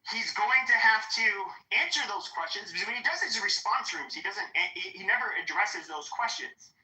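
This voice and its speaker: A woman's voice: mid-range voice, expressive, moderate pace, sharp tone. A woman hosting a heated online audio room, talking in a combative, profane and taunting way. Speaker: host. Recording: roomy echo, online audio chat.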